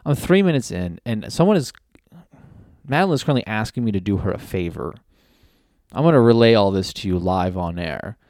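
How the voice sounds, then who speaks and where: A man's voice: lowish voice, expressive, brisk, a little mellow, no echo, studio quality. A man hosting a solo comedy podcast from his home, rambling and crude and losing his train of thought. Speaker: podcast host.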